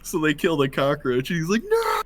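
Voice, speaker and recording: A man's voice: on the high side, fairly quick, noisy background. A man in casual chat at a tabletop game, telling an anecdote animatedly and acting out the quotes. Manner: animated storyteller who acts out quoted lines. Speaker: player.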